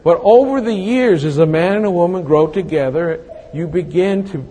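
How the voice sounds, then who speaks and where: Mężczyzna po pięćdziesiątce, kazanie w pogłosie hali. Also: male voice, sits high, normal speed, warm tone, a little hiss or hum. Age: 50s. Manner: folksy, self-mocking storytelling with scripture reading. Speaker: pastor. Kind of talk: sermon. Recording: long hall reverb.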